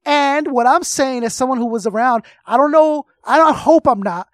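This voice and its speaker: A podcast co-host and music reviewer with a very high-pitched voice chats casually at a moderate pace. He rants animatedly with strong opinions and plenty of swearing, in studio-quality sound with no echo.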